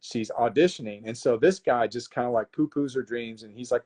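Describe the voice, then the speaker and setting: A man guesting on a live stream walks through a story in a casual, animated way. He often breaks off and restarts his sentences as he talks. His voice sits at an ordinary middle pitch. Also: brisk, slightly rough. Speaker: guest author. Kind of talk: casual interview, retelling a plot.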